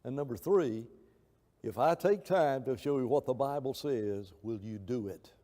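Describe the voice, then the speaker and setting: A man's voice: mid-range voice, normal speed, mellow. A man teaching a Bible class in a conversational, rambling way, telling anecdotes and acting out quoted voices. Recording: long reverb of a church hall.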